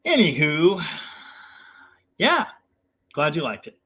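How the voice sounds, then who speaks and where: A man's voice: fairly high pitch, wildly swooping pitch, takes it slowly, sharp tone, breathy edge. A young man hosting a casual live chat, reading viewer comments and rambling in a self-deprecating way with lots of fillers.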